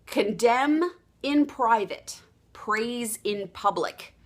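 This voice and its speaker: A woman giving a motivational sales training talk, acting out quoted dialogue with lively energy. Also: a little high, drawn-out words. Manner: animated, acts out quoted dialogue. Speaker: sales coach.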